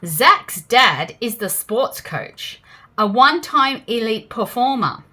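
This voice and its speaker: A slightly rough, somewhat high female voice with an Australian accent reads children's picture books slowly. She plays to the kids with animated gasps and playful sound effects.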